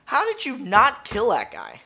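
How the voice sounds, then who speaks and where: A gamer doing live gameplay commentary, ranting profanely at the match and bursting into excited yelling. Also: mid-range voice, measured pace, vocal fry, breathy edge. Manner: profane, frustrated ranting at the game.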